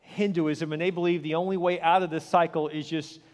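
High-voiced preacher in an echoing church. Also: male voice, level tone, a little fast. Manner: earnest storytelling preacher, emphatic. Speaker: pastor. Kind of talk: sermon.

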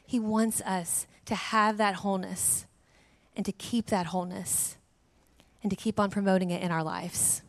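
A middle-aged woman giving a sermon, telling a family story in a lively way and acting out voices. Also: mid-range voice, normal speed, slight background noise. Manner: animated storyteller, acts out voices. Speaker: guest speaker. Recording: long hall reverb.

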